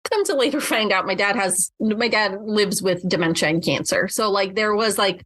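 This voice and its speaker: A woman's voice: medium pitch, moderate pace, a bit bright. A woman co-hosting a podcast as a mental health clinician, talking through experiences reflectively with many restarts. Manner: reflective, with frequent restarts and fillers. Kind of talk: casual podcast chat.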